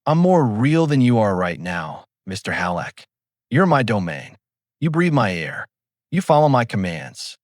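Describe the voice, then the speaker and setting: A man voicing a calm, commanding, cruel spirit in the fog that knows too much. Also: fairly low pitch, measured pace, dry recording, clean studio sound.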